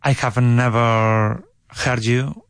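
A man's voice: mid-range voice, steady tone, slow, smooth, dry recording. Hesitant male English learner, dry sound. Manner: hesitant, restarts sentences when corrected.

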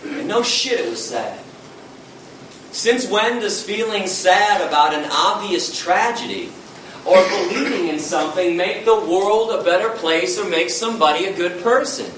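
A high-pitched American man delivers a passionate public lecture at normal speed, his fairly bright voice blunt, fiery and confrontational. He is heard from far off in an echoey hall, with a little hiss or hum underneath.

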